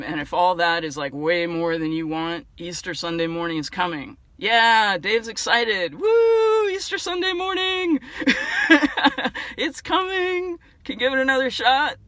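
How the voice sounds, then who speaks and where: A man's voice: fairly high pitch, fairly bright tone, no room sound. A man giving a casual, playful spiritual video talk as a church minister, chatty and encouraging, laughing now and then.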